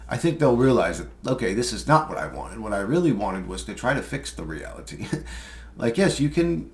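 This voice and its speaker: A man's voice: medium pitch, vocal fry. Rambling, swearing man in an echoey room. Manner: rambling, swears freely, laughs between thoughts. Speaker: channel host. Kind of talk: casual monologue.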